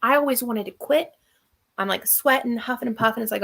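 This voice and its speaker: Gravelly, bright-toned woman hosting a live chat. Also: on the high side, moderate pace. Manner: chatty, practical, repeats points for emphasis. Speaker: channel host.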